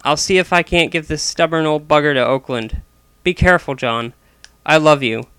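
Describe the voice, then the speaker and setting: A man voicing a gentle, tearful older mother in a read-aloud story. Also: fairly high pitch, moderate pace, clean tone, no room sound, lightly acted. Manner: soft, tearful.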